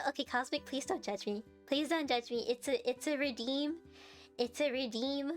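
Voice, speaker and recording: A young woman with a high, light voice hosts a live stream, bubbly and quick to giggle. She teases her chat playfully while faint music plays underneath. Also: animated.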